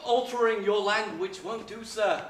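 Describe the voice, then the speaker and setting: A young man playing a formal, commanding gentleman who arrests someone. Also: high-pitched, moderate pace, natural voice. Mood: stern. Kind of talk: stage acting in a school play. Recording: echoey stage with faint hiss.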